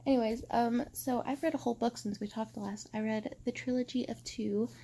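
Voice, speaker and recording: A woman's voice: a little high, fairly even intonation, brisk, mellow, a little hiss or hum. Swearing young woman ranting casually. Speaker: book vlogger. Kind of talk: casual reading vlog.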